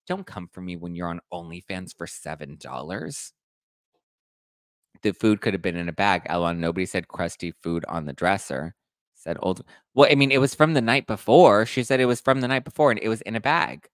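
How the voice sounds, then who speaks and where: A man hosting a casual live stream, reading viewer comments aloud with animated mock outrage. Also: on the low side, brisk, no echo, clean studio sound. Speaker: host reading live chat.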